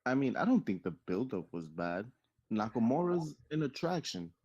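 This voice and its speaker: A man's voice: mid-range voice, very animated, normal speed, a little mellow, slightly rough, muffled recording. A young man co-hosting a casual podcast, stating firm predictions in short bursts. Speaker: podcast co-host. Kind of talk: casual chat.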